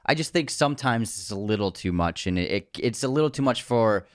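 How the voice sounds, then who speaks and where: A man's voice: on the low side, expressive, a little fast, clear, resonant tone, dry recording, clean studio sound. A man co-hosting a podcast in casual chat, agreeable, running the segments and handing out scores. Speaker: podcast co-host.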